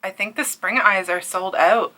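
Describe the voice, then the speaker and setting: Speaking slowly in an animated, sharp mid-range voice, a young crochet artist and small business owner from Canada chats in her casual home vlog. She has a Newfoundland accent and sounds breathless and overwhelmed, sighing and sinking to near-whispers as she discusses her crochet business.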